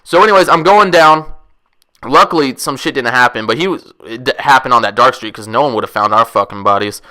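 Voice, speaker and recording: A young man telling a wild story casually, profane, rambling and excitable. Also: medium pitch, a little fast. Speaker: vlogger.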